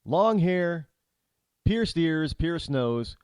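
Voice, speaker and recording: A man's voice: fairly high pitch, expressive, drawn-out words, darkish tone, smooth, no room sound. A middle-aged man hosting a talk show, telling an opinionated story bluntly, with frequent restarts. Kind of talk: storytelling monologue.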